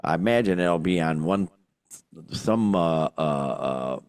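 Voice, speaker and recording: An older man with a very low voice and a lively, swooping delivery, chatting casually as a podcast co-host. He rambles, jokes and throws in exclamations, and the sound is close and dry. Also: slow, clean tone, dry recording. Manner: rambling, joking, frequent fillers and exclamations. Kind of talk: casual chat.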